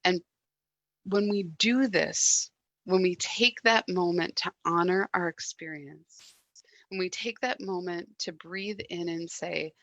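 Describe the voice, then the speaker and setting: A woman giving a reflective sermon, speaking gently with soft pauses and quiet moments. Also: fairly low pitch, no room sound. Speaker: guest speaker at a church service.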